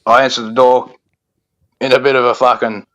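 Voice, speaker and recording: A man leaving a voice message for a podcast, telling a sweary story in a flat, monotone way. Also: medium pitch, normal speed.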